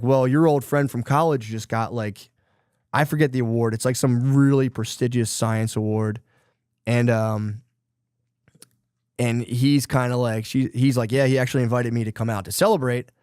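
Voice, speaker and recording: A man's voice: medium pitch, darkish tone, smooth, no room sound. Man, podcast host, casual rambling chat, cursing, dead-dry recording. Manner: loose, rambling retelling of a book plot, with profanity.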